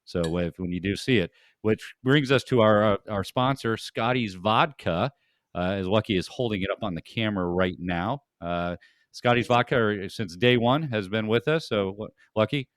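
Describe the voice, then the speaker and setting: A middle-aged man hosts a casual podcast chat, stopping and restarting as he rambles. His voice sits low. It is recorded dry and close. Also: normal speed, no echo. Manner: rambling, many fillers and restarts. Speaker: podcast host.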